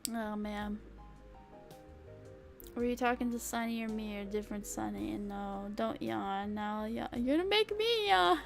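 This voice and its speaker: A high-pitched woman streamer chatting in an unhurried, relaxed way, giggly and playful, breaking into little sing-song bits. Soft music plays faintly underneath. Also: vocal fry. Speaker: VTuber streamer. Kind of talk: casual live-stream chat reading comments.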